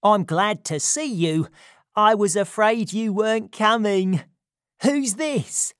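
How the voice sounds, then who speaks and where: A reader putting on a brash, high-pitched male burglar. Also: slow pace, clean tone, dry recording, studio quality, lightly acted. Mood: eager.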